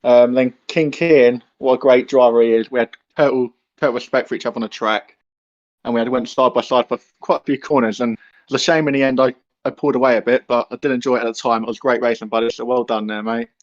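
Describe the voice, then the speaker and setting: A man's voice: mid-range voice, steady tone, fast talker, highs cut off. A man, a sim racing driver, talking through the race and praising his rivals in a friendly way. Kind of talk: post-race interview over voice chat.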